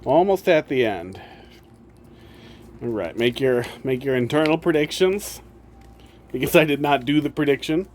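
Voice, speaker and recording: A man's voice: mid-range voice, expressive, normal speed, pauses often, slight background noise. A man streamer chatting casually, teasing his pets and laughing often. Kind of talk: casual chat.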